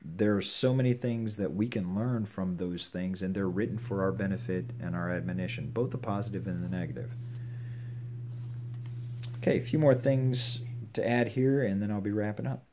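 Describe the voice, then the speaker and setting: An older man giving earnest, measured advice on scripture to his children and grandchildren at home. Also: lowish voice, dark tone, a little hiss or hum. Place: home with a puppy nearby.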